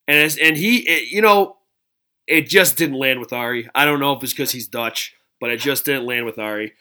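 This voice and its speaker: A man co-hosting a podcast in casual chat, animated and quick to imitate other people in high voices. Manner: animated, jumps into high mimicking voices when quoting. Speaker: podcast co-host.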